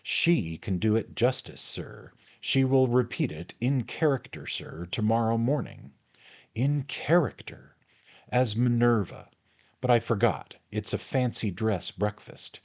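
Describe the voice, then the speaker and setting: A man voicing a grave, pompous gentleman host who speaks in an effusive, flattering way. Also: lowish voice, a little slow, voice pushed up. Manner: effusive, formal, fawning.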